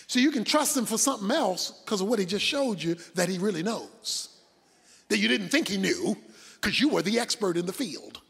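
A man preaching a sermon, dramatic, swinging between loud shouts and hushed asides. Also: high voice, expressive, normal speed, creaky, husky, long reverb tail.

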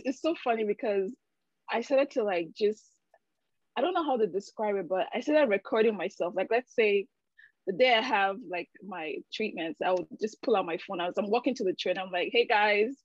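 A woman shares her personal testimonial candidly and emotionally, stumbling through fillers as she goes. Her voice sits at a middle pitch. The video call audio sounds dull and dry. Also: fairly quick, no echo. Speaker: patient giving a testimonial.

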